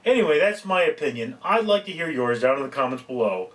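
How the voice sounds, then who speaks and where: A man's voice: mid-range voice, lively intonation, fairly quick, a bit bright, far from the mic. A man giving casual, rambling, folksy advice in a home vlog, often breaking off mid-sentence to correct himself. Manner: rambling, folksy, self-interrupting. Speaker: vlogger.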